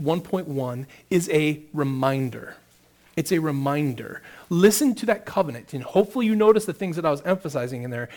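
A man preaching a sermon, reading scripture aloud and then explaining it with rising emphasis. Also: fairly high pitch. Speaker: pastor.

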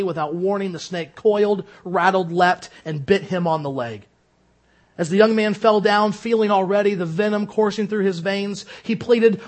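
A man preaching a sermon on temptation, urgent and exhorting, ending in a solemn prayer. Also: fairly high pitch. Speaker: pastor.

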